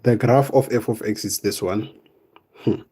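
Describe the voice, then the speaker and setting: A young man teaching math in a live online exam revision lesson, casual and step by step, often tagging on "right?" and "boom". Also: a little slow, dark tone, husky. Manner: explains step by step, coaxing students.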